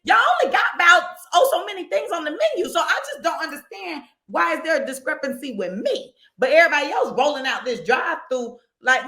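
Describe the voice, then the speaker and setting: Woman podcast host ranting through a story, bright high voice, echoey room. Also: fairly quick, few pauses. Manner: animated, profane, acts out quoted people. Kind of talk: casual chat, storytelling.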